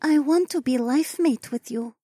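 Man voicing a soft high-pitched young alien woman. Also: no room sound, studio quality. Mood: tender.

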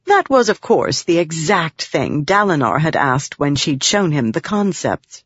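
Woman, audiobook narrator, low voice, lively intonation, dry dull recording. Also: unhurried, hardly any pauses, slightly rough, no echo. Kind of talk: scripted narration. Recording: dry, slightly muffled recording.

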